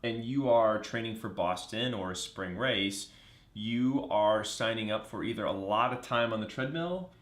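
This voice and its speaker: A man's voice: lowish voice, measured pace, a bit bright. A man co-hosting a live running show, upbeat and chatty, reading viewer comments and talking to the audience. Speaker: co-host. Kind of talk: casual live-stream chat. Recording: roomy echo.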